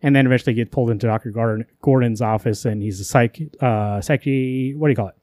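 A man's voice: mid-range voice, darkish tone, dry recording. Rambling casual man, dry close sound. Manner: rambling, quotes characters in quick asides, curses casually. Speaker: podcast co-host. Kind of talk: casual comic book chat.

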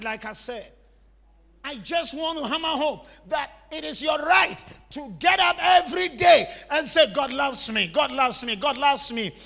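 A man delivers a sermon in a strikingly high, bright and forceful voice with a heavy gravelly edge. He preaches emphatically, repeating phrases and calling for the crowd to echo him. The sound rings with the long reverb of a large hall. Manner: emphatic, repetitive preaching with call-and-response.

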